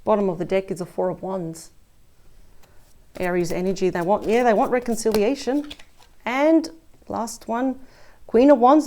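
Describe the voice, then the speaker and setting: A woman's voice: on the high side, dark tone. A woman giving a casual tarot reading, chatty and full of exclamations, speaking straight to her listener. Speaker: tarot reader.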